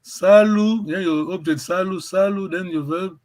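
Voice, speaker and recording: A man teaching a language class, encouraging his students and praising them often, with halting phrases that he repeats and restarts. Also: high-pitched, steady tone.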